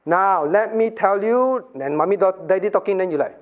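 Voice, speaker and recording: Playful high-voiced pastor teaching kids. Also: male voice, normal speed. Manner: playful, questioning, laughs often, acts out scenes. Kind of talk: children's Bible lesson Q&A.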